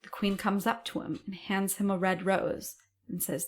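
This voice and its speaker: A woman co-hosting a podcast, telling a history story in a casual, animated way, acting out quotes and swearing now and then. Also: medium pitch, moderate pace. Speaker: podcast co-host.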